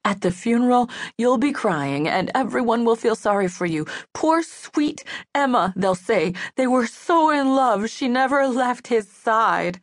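Fairly high-pitched with lively intonation, a woman voices an audiobook character: a grieving, bitter middle-aged mother. At normal speed and with few pauses, she delivers clipped, angry scolding and mockery in a dry, echo-free recording.

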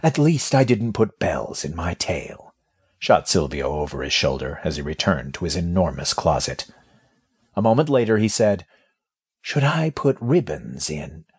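A man reading a fantasy audiobook as narrator, expressive, voicing dialogue quietly. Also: low-pitched, unhurried, husky. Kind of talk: scripted narration.

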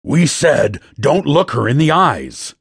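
A man voicing an older male agency boss who growls and shouts as he berates a young recruit. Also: mid-range voice, big pitch swings, fairly quick, slightly rough, no room sound, studio quality. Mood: shouting.

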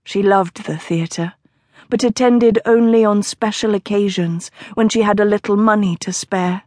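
A woman narrating a historical romance audiobook in a measured storytelling delivery. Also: medium pitch, a little mellow, no echo, studio quality. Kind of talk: scripted narration.

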